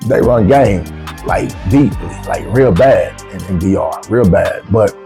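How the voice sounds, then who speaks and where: A man with features, casually telling a travel story as a vlogger, swearing freely and jumping up in pitch when he quotes himself. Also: measured pace, vocal fry, faint music behind. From United States. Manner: animated, profane, rises sharply when quoting himself.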